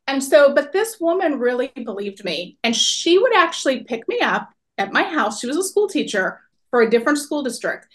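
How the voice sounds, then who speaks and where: A woman in her forties telling a personal story to a workshop audience in an animated, expressive way. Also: a little high. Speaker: workshop speaker.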